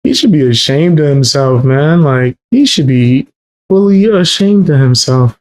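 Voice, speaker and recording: A man's voice: a little high, expressive, normal speed, a little mellow. Mocking man reacting to a clip. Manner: mocking, incredulous, repeats punchlines. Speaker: commentary host. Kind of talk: reaction commentary.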